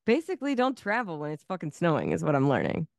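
A woman's voice: low voice, fast, dry recording, studio quality. A woman co-hosting a podcast in casual chat, swearing freely and joking sarcastically. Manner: swears a lot, animated and sarcastic. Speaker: podcast co-host.

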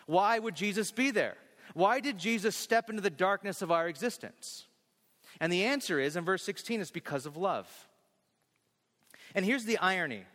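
A male pastor preaches with emphasis, circling back on key phrases and stretching out the verses. His voice sits a bit high for a man and rings with long reverb through a large church hall. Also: animated, fairly bright tone. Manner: emphatic, repeats key phrases, slows on scripture. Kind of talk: sermon.

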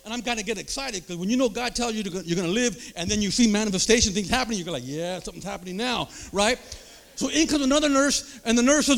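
A man preaching, telling his own testimony story with animated storytelling and acted-out voices. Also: high-pitched, quick pace, gravelly. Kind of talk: sermon testimony.

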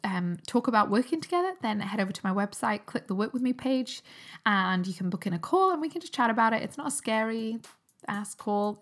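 A woman in her thirties, originally from Newcastle, hosting a solo podcast in a chatty, upbeat way and laughing often. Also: medium pitch. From Newcastle, England. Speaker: podcast host and health coach. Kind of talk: casual solo podcast chat.

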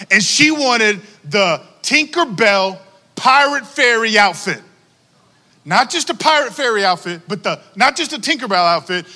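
A man preaching a sermon to a congregation, animated and calling out for responses from the crowd. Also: high-pitched, big-room sound. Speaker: pastor.

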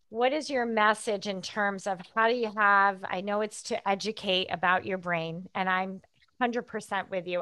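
A woman's voice: medium pitch, clean tone, no room sound. Enthusiastic woman interview host. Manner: enthusiastic, animated questions. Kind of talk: interview conversation.

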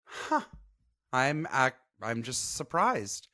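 A woman co-host with a very low but lively voice who mostly backs her partner up with quick, encouraging reactions. Her tone is bright, and the sound is dry. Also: no room sound. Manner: encouraging listener with short reactions. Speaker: podcast co-host. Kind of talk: casual chat.

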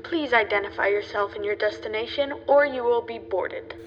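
Crisp, commanding space admiral, as a male reader puts him on, hollow echo and dull muffled sound. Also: high-pitched, moderate pace, fairly bright tone, voice pushed up.

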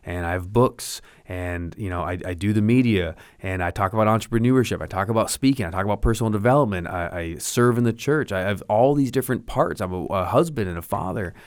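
A middle-aged man with a low voice speaks earnestly into a close microphone, a podcast host giving a motivational monologue. His tone is encouraging and a little preachy. The sound is dry, with no room around it. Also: fairly quick, hardly any pauses, clear, resonant tone, no room sound.

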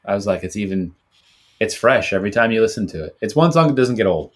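A young adult man co-hosting a casual music podcast, earnest and halting, with lots of "like" fillers. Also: lowish voice, animated. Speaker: podcast co-host. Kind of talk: casual chat about music.

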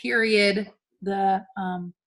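A woman's voice: medium pitch, steady tone, very slow, fairly bright tone. A young woman from California co-hosting a podcast, chatting casually, laughing often and swearing freely. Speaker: podcast co-host. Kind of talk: casual chat.

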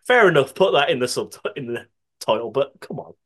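A man's voice: mid-range voice, very animated, a little fast, fairly bright tone. A man co-hosting a podcast in casual comedic chat, laughing often and swearing freely. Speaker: podcast co-host.

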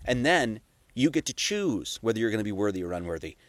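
A man's voice: fairly low pitch, big pitch swings, fairly quick, no echo. A man giving a casual, conversational sermon, full of rhetorical questions and profane asides. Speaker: preacher.

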